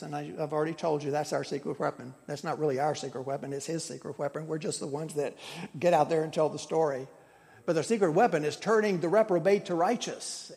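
A man preaching an expository sermon in a fairly high voice, rising to loud, emphatic peaks and dropping to hushed, drawn-out phrase endings. He sometimes restarts while searching for a word. His voice carries the long reverb of a large hall. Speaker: pastor.

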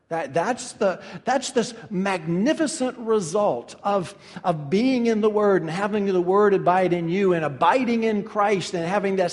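A man's voice: sits high, in a large hall. A man preaching a sermon as pastor, earnest and building to emphatic peaks.

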